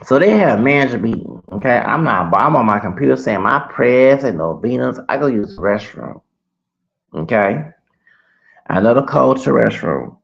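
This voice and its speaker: A man telling a heated, rambling personal story to camera, repeating himself and swinging between loud and soft. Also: mid-range voice, expressive, normal speed, vocal fry, muffled recording. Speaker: vlogger.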